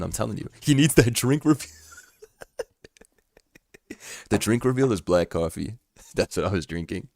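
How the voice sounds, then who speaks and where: A man's voice: low-pitched, no echo. A young man streaming casually, talking in loose slang and laughing often. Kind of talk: casual live-stream chat.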